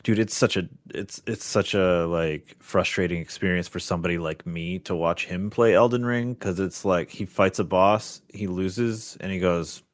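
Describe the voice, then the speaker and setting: Low-voiced man telling a gaming story. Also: moderate pace, few pauses, no echo, studio quality. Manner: animated storytelling, acts out quoted voices. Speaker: podcast co-host. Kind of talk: casual chat.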